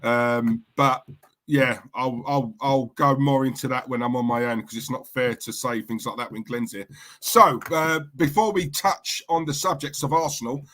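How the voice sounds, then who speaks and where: A man hosting a casual fan livestream, chatty and jokey as he greets viewers and gives shout-outs. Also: medium pitch, steady tone, normal speed. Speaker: livestream host.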